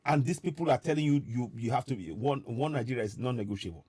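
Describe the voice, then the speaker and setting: Talking fast in a medium-pitched, dark, slightly rough voice, this political commentator addresses viewers living abroad in a fervent livestream. He hammers his points home through repetition, preaching-style, and there's no echo.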